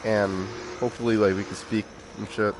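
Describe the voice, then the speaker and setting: A man in casual chat, animated and slangy, laughing often. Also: fairly low pitch, normal speed, slight background noise. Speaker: podcast co-host.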